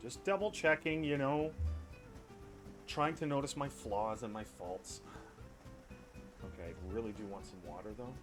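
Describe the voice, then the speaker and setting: A man's voice: mid-range voice, a little slow, long pauses, music in the background. A man with a mild Canadian accent, casually rambling to himself while commenting on his gameplay. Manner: relaxed rambling chatter, hums and talks to himself. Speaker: gaming YouTuber.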